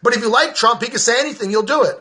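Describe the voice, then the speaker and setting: A podcaster rants furiously about politics to camera for his own audience, his high, forceful voice repeatedly breaking into shouts. He talks very fast, bluntly and profanely, hammering his points.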